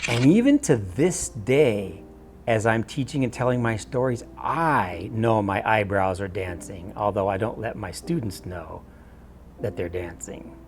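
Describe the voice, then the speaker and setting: A middle-aged man, a high school teacher, telling a personal anecdote from his classroom in an animated, expressive way. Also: a little slow, a little hiss or hum.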